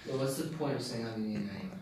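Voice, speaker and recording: A man's voice: mid-range voice, rapid-fire, darkish tone, reverberant, a little hiss or hum, low-quality recording. A man asking the teacher questions during a Talmud class. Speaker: student.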